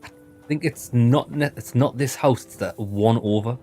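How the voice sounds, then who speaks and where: A man's voice: medium pitch, normal speed, a little mellow, soft background music. A man with a Sunderland accent, chatting casually as he streams live gameplay. He laughs often and keeps up a running commentary. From Northeast England.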